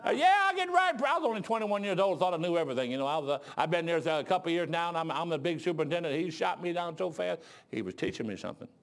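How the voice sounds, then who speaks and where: A man preaching a sermon as pastor, telling folksy stories and swinging between low asides and loud exclaiming. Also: animated, rapid-fire, gravelly.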